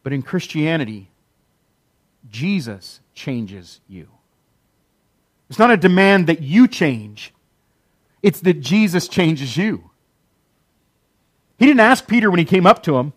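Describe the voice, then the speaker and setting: A man preaching a sermon, emphatic, with repeated phrases and dramatic pauses. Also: a little high, very animated, dry recording. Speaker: pastor.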